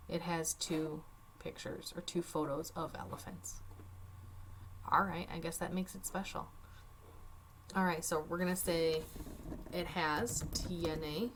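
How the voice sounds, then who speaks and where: Slow, chatty woman teacher. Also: lowish voice, slight background noise. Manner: casual, chatty, wry asides. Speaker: Spanish teacher. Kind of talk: screen-recorded worksheet walkthrough.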